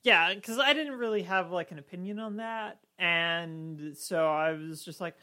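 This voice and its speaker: A woman co-hosting a TV podcast in casual chat, animated and exasperated, laughing often. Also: lowish voice, normal speed, few pauses. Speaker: podcast co-host.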